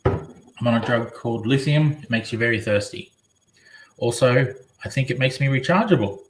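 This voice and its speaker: A man's voice: mid-range voice, moderate pace. A man chatting casually on a live stream, rambling and reading viewers' comments aloud. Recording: echoey room.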